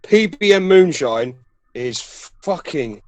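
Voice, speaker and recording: A man's voice: fairly high pitch, lively intonation, takes it slowly, no room sound. A man co-hosting a podcast in casual, rambling chat, swearing freely and laughing often. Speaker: podcast co-host.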